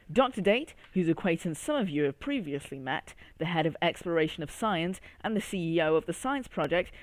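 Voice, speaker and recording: Reading a children's story aloud, this storyteller addresses young listeners directly and expressively. The mid-range voice is captured in a dry recording.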